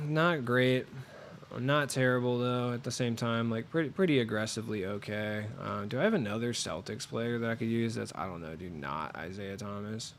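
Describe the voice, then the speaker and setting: A man's voice: mid-range voice, normal speed, gravelly. Sick man streaming a basketball game. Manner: swearing, excitable, talks to chat while playing. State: sick, voice lower than usual. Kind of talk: casual gaming stream chat.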